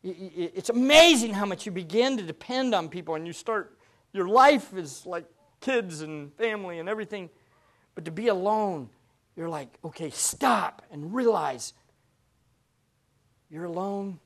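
A man's voice: sits high, expressive, a bit bright. Earnest male pastor preaching a sermon. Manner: earnest, slows down to stress quoted verses; asks the congregation rhetorical questions.

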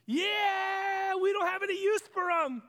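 A man doing a gloating, shouting crowd voice. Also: slow pace, heavily acted. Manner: shouting, high and jeering. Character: gloating excited male crowd of ancient Israelites.

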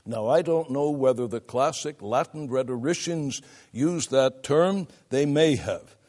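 An older man teaching students of preaching in a deliberate, emphatic lecture, stopping to demonstrate vocal effects himself. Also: medium pitch, darkish tone. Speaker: preaching instructor.

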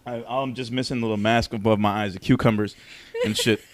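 A man's voice: fairly low pitch, steady tone, fast talker. A man co-hosting a podcast, chatting casually and joking with a lot of swearing and laughter while using a back massager. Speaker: podcast co-host. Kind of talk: casual chat.

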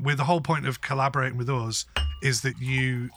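A man's voice: medium pitch, a little fast, gravelly, slight background noise. A man co-hosting a casual podcast, telling stories with lots of swearing. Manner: animated storytelling, heavy swearing. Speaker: podcast co-host. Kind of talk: casual chat.

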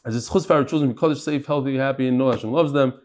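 A man leading a daily Talmud class in front of a live audience, reading out messages and joking with the room in an animated way. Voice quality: animated, jokey, quick shifts in pitch.

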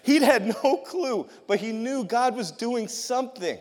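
A male youth pastor giving a testimony sermon to his congregation in a church, telling his story in a lively way, often laughing and repeating words. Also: very high voice, unhurried. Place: church sanctuary. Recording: long hall reverb.

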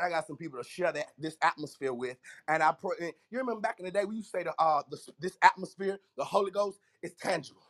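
Fervent preacher man. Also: fairly high pitch. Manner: repeats phrases, exclaims praise. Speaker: preacher and podcast host.

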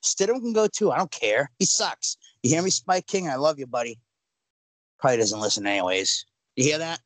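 A young man rants on a sports podcast, loud and emphatic, his fairly high voice leaping up in pitch when he gets worked up. The sound is dry and close, with no room echo. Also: expressive, a little fast. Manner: loud, emphatic ranting with sudden pitch jumps. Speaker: podcast co-host. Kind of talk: ranting sports podcast talk.

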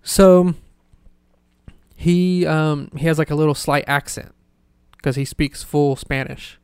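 Young guy, podcast host, loose rambling chat, smooth clear voice, dry close sound. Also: fairly high pitch, fairly even intonation, slow, no room sound. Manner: rambling, full of "like" fillers and laughter. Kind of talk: casual storytelling chat.

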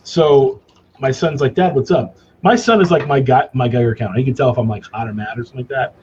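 A middle-aged man chatting casually as a guest, telling animated, self-mocking stories with lots of restarts. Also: medium pitch, quick pace, highs cut off, noisy background. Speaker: cigar company guest. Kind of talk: casual storytelling chat.

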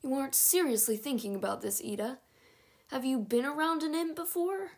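A woman's voice: sits high, normal speed, pitched above the performer's own voice. Woman reading as a grumbling good-natured man. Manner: grumbling, teasing. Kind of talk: audiobook character reading.

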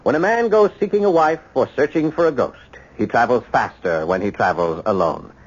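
An actor playing a shrewd, witty elderly gentleman detective with a theatrical manner who is fond of proverbs, in a 1970s radio drama. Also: mid-range voice, a little fast, husky, muffled recording, close to an everyday voice. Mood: sly.

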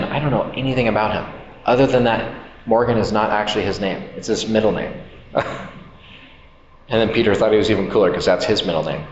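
Slight background noise accompanies this mid-range male voice as he preaches in a church hall. The pastor's style is loose and chatty, and he performs the voices of the characters in his stories, with the hall's echo giving a slightly dull sound.

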